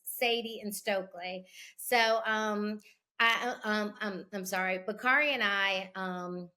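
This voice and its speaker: A woman in her forties, a guest telling about her family in a halting way with many pauses. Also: mid-range voice, sharp tone. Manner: hesitant, many ums. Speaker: guest, business owner. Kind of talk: interview talk.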